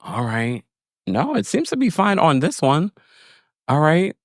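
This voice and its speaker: Animated man hosting a livestream. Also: fairly high pitch, measured pace, no echo, clean studio sound. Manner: animated, laughing, talks straight to viewers. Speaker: livestream recap host reading chat. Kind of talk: casual livestream chat.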